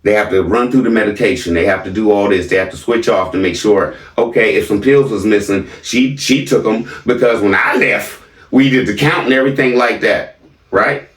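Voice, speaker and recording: A man's voice: fairly low pitch, moderate pace, far from the mic. A middle-aged man casually telling a family story to his viewers, emphatic and often asking "right?". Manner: emphatic, keeps checking in with "right?". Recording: roomy, from off the mic.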